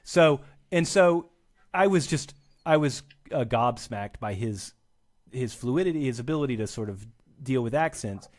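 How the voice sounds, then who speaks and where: A man's voice: mid-range voice, expressive, measured pace, darkish tone. A man chatting as a podcast guest, rambling and self-deprecating, often restarting his sentences. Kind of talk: casual chat.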